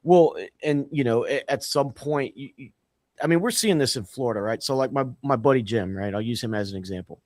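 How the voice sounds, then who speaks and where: A man's voice: mid-range voice, fairly quick, darkish tone, no echo. Rambling man telling a story, dry sound. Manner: rambling storyteller, many fillers and restarts, swearing. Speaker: podcast co-host. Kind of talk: casual podcast chat.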